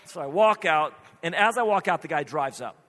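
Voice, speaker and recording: A male pastor with a high, lively voice, telling a story in his sermon with emphatic energy. His voice rings out with a long reverb, as if he is preaching in a large hall. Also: normal speed.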